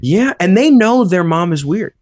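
Man, comedian guest, casual chat, quick reactions, slightly high voice. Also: sing-song, crowd noise. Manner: reactive, quick affirmations and laughs.

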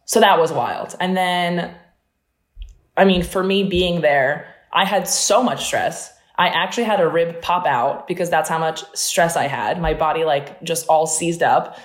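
A young woman from New Jersey, an athlete, tells her story in a rush of words, peppered with "like" and quick laughs. Her voice sits a bit low, and the room gives it a noticeable echo. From New Jersey, USA. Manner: fast-talking, animated, full of "like" and laughter. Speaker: Olympic fencer, interview guest. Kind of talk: casual storytelling interview. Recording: roomy echo.

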